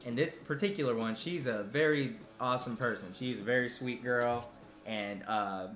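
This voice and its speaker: A man's voice: medium pitch, moderate pace, fairly bright tone, echoey room, faint music behind. A man hosting a live stream, telling a comic story in a rambling, self-interrupting way and teasing his audience. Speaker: live stream talk show host. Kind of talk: comedic storytelling to a live chat.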